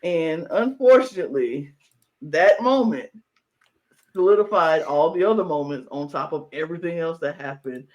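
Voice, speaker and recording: A woman's voice: low voice, moderate pace. A woman co-hosting a casual reality-show podcast, retelling scenes and acting out the people in them. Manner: animated storyteller acting out quotes in put-on voices. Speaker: podcast co-host. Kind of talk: casual recap chat.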